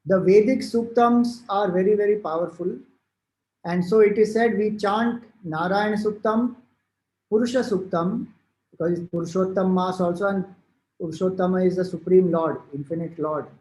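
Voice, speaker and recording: At a normal pace, a high, slightly mellow male voice with an Indian English accent offers a devotional discourse. The spiritual teacher explains scripture and tells old stories in a loose, explanatory style, with fillers and restarts, recorded in an echoey room.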